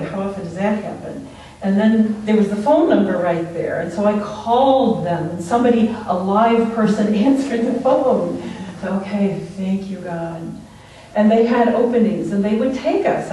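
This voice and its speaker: A woman giving a conversational sermon at a church, telling stories and laughing often. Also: mid-range voice. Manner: storytelling, animated, laughs often. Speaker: speaker at a church service. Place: church sanctuary. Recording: distant mic in an echoey room.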